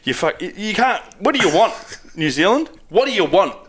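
A man's voice: high voice, big pitch swings, a little fast, fairly bright tone, slightly rough. A man co-hosting a podcast in casual chat, rowdy and swearing constantly. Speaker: podcast co-host.

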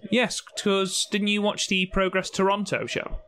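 A man's voice: high-pitched, flat delivery, measured pace, bright, forceful tone. Joking, swearing male podcast co-host. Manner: joking, swears freely, laughs often. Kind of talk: casual watchalong chat.

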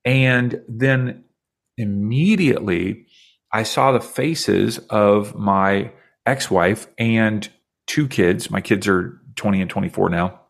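A man in his forties, a podcast guest, earnestly and reflectively recounting a deeply personal experience in conversation. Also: slow, creaky.

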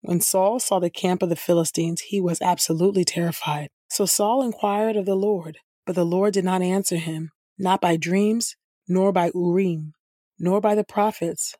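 Woman reading scripture, measured. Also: on the low side, fairly even intonation, dark tone, no echo, studio quality. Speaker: scripture reader.

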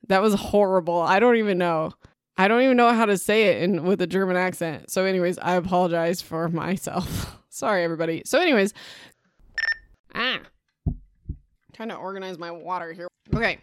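A woman's voice: on the low side, normal speed, no room sound, studio quality. A young woman hosting a book podcast at home, chatting casually and rambling in a self-deprecating way. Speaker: podcast host.

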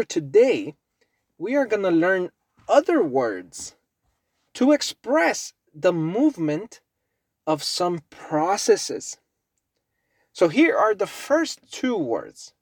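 A man teaching English on his podcast, speaking slowly and patiently as he repeats key words for listeners. His voice sits a bit high and swings widely in pitch. The sound is dry and close. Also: a little mellow, no echo. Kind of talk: podcast language lesson.

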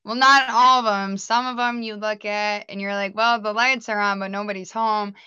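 Woman, wry and blunt, bright smooth voice, dull lo-fi sound. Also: mid-range voice, steady tone, moderate pace, no room sound. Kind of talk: casual chat.

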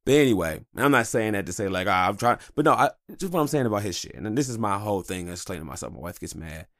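A man's voice: fairly low pitch, lively intonation, fast talker, a bit bright, dry recording, clean studio sound. A man hosting a podcast, talking in a candid, rambling, profane monologue. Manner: candid, rambling, heavy swearing. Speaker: podcast host.

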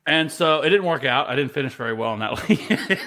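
A man co-hosting a fantasy sports podcast, talking casually with lots of swearing and animated storytelling. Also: on the high side, a little fast. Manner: animated and profane, swears freely. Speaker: podcast co-host.

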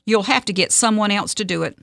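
A woman's voice: mid-range voice, quick pace, vocal fry, fairly bright tone, no echo, clean studio sound. A woman voicing an eager ordinary man who sets out to carry a load for God, in a storybook reading. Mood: strained.

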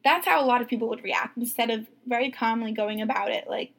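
A young woman with a fairly high voice chats as a podcast co-host, lively and amused. She slips into other people's voices to act out what they said and laughs along the way. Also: fast talker. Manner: animated, acts out quotes, laughs a lot. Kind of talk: casual chat.

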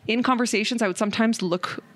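Woman telling a personal story. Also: on the high side. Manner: earnest, halting, tearful at times. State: crying. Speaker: guest.

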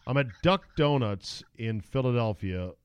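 A man's voice: medium pitch, normal speed, clean tone, no room sound. A middle-aged man hosting a podcast, telling stories in a casual, sarcastic way. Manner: animated storyteller, sarcastic. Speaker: podcast host. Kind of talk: casual chat.

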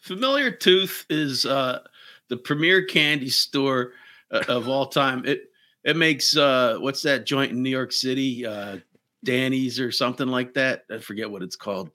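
A guest comedian on a podcast, a man with a bright, forward voice. He spins an improvised pitch in halting bursts, leaning on fillers as he goes. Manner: halting, hesitant storytelling with fillers.

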